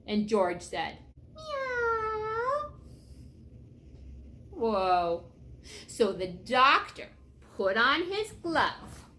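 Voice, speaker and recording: A woman's voice: a little high, sing-song, takes it slowly, sharp tone. A woman reading a picture book aloud to young children, playful and asking them questions. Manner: playful, talks to young viewers, asks questions. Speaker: children's storyteller.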